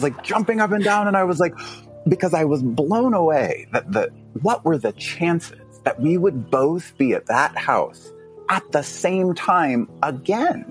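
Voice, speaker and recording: A man on a podcast, telling a story in a casual, animated way, laughing often and jumping up in pitch as he acts out his younger self. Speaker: podcast guest.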